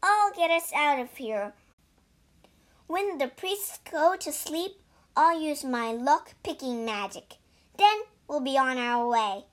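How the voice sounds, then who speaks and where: A woman's voice: high voice, expressive, slow, a bit bright, full character voice. A woman voicing a bold, clever male monkey spirit who speaks with confidence. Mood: confident. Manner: confident, reassuring.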